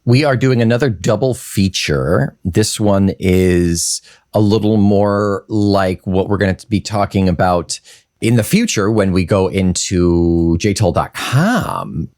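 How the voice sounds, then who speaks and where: Low-voiced man in joking podcast banter. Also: expressive, slow pace, darkish tone. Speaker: podcast co-host. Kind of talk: casual chat.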